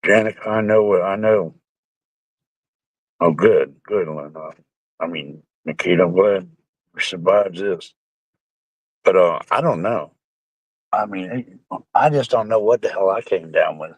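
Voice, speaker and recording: A man's voice: sits low, measured pace, long pauses, no echo, rough recording. A man chatting casually and rambling with his viewers on a live stream, sounding like he has a bad cold. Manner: rambling, salty, joking.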